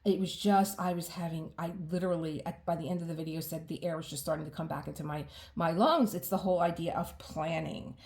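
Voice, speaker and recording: A woman's voice: deep voice, fairly even intonation, fairly quick, hardly any pauses, a little mellow. A middle-aged woman chatting casually while she crafts at home, rambling and restarting her sentences, with frequent fillers and laughter. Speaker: diamond painting vlogger.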